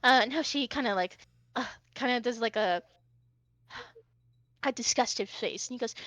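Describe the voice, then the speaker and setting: A woman's voice: fairly high pitch, lively intonation, moderate pace, pushed and bright, no room sound. A woman narrating as game master of a tabletop game, chatty and rambling with many fillers.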